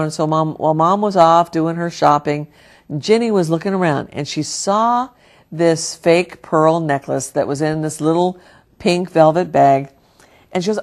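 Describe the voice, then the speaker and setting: Earnest, fairly low-voiced woman telling a sermon story. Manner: earnest, storytelling, softens at the close. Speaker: Christian speaker.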